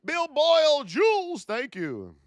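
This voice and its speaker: Male trading-stream host, 30s, very high, wildly swinging delivery, bone-dry close mic, big hype energy. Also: wildly swooping pitch, slow pace, no echo. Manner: hyped-up, shouts out viewers' names; calls viewers "my beauties". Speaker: trading educator and livestream host.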